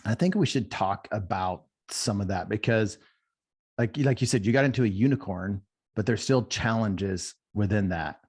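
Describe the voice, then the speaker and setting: Low-voiced man hosting a podcast. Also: normal speed, a little mellow, breathy edge. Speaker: podcast host. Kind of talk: interview questions.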